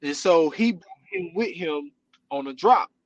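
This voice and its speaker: A male podcast host tells a story in loose, animated chat, peppering it with "you know what I'm saying". His voice runs fairly high, and the close mic gives it a dry, deadened sound. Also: unhurried, dry recording, lo-fi sound. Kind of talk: casual chat.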